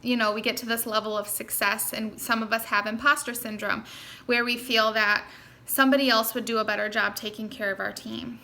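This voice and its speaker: Young woman, bright voice, fairly high pitch, earnest, encouraging, motivational team talk. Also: steady tone, a little fast, gravelly. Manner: earnest, encouraging, speaks directly to listeners. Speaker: network marketing team leader.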